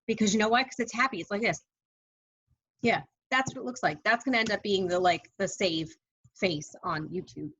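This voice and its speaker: A woman's voice: medium pitch, fairly bright tone, slightly rough, no echo, dull audio. A woman in her thirties, a college English instructor, chatting casually to her students from home with exasperated sighs. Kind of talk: casual video update to students.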